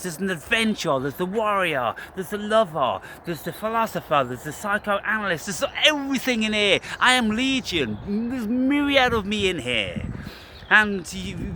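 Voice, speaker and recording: A man's voice: high voice, bright, forceful tone, a little hiss or hum. A man ranting confrontationally in a vlog, taunting and swearing, recorded outdoors near a street. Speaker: vlogger.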